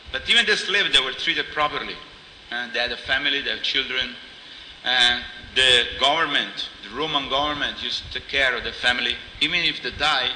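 Preacher guy, super bright tense voice, storytelling and laughing a lot. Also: mid-range voice. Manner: animated storyteller, acts out dialogue, laughs often. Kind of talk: informal spiritual talk with anecdotes. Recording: roomy hall echo, faint noise.

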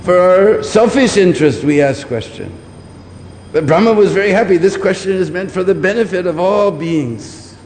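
A man's voice: sits high, animated, normal speed, a little mellow. A man giving a scriptural lecture, repeating his points and often checking with listeners by asking "hmm?". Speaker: preacher. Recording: long hall reverb, faint background noise.

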